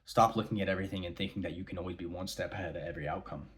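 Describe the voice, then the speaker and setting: A man's voice: low-pitched, very fast, a bit bright. A man talking casually to camera in a rambling way, retelling a parable with many restarts. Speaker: vlogger. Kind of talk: casual monologue.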